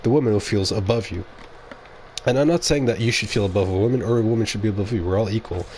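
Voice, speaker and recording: A man's voice: fairly low pitch, fast talker, darkish tone, slight background noise. A man streaming a game and talking casually to his audience, rambling and opinionated and often correcting himself mid-sentence. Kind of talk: casual livestream monologue.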